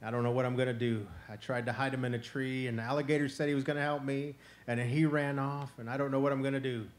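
A man's voice: mid-range voice, fairly even intonation, fast talker, natural voice. A man voicing a frantic, tearful mother opossum, pleading and distressed.

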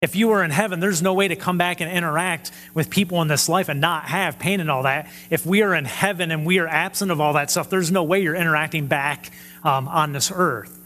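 A man's voice: a little high, brisk, bright, forceful tone, slight background noise. A man preaching a conversational sermon who often checks in with the audience and acts out quoted voices animatedly. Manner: conversational, asks the audience questions. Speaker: pastor. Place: church hall. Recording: long church hall reverb.

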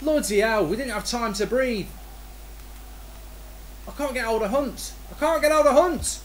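An English man rants through a football video game, swearing and shouting as things go wrong. His voice sits high and leaps all over the place, with a faint hiss of noise behind him. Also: big pitch swings, normal speed. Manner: swears constantly, shouts in frustration. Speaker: gaming streamer. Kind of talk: raging live game commentary.

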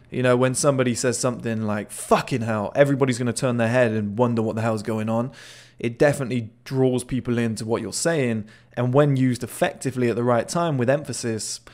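A man's voice: medium pitch, darkish tone. Chatty man breaking down a clip. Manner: chatty, swears, repeats words when restarting. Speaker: body language analyst. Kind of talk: casual video commentary.

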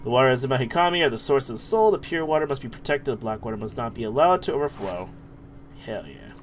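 Jumpy, lively male game streamer. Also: medium pitch, fast talker, a little hiss or hum. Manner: jumpy, yelps and laughs, swears, chats with viewers. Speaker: streamer playing a horror game. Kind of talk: casual live-stream commentary.

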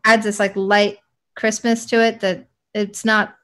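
A woman's voice: medium pitch, level tone, a little slow, fairly bright tone. A woman co-hosting a casual mixing chat, rambling with many fillers and restarts. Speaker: e-liquid mixing podcast co-host.

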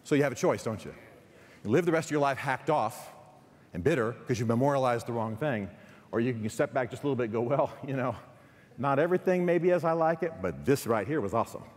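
Male preacher, texan accent, lively storyteller, mid pitch, long hall echo. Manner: storytelling, animated, quick asides and restarts. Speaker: guest speaker. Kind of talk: chapel sermon. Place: large hall.

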